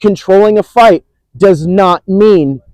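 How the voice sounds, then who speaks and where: A man's voice: sits high, slow, a little mellow, no echo, poor audio. A man coaching combat who praises a fight with plenty of enthusiasm. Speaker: combat instructor. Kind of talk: teaching discussion.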